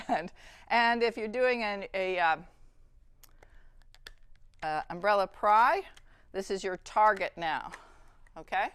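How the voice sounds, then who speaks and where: A woman instructor leading a hands-on training demonstration, brisk and practical, often checking in with "okay?". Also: medium pitch, fairly bright tone, clear, resonant tone, no echo.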